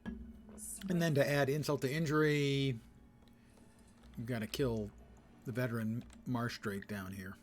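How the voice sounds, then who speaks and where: A man's voice: medium pitch, fairly even intonation, unhurried, pauses often. A man streaming a game, commenting casually with dry sarcasm and playful wordplay.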